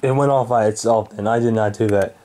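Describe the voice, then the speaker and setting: A man's voice: lowish voice, steady tone, fast talker, noisy background. A man vlogging casually at home, making offhand, muttered asides to his viewers. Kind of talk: casual home video chat.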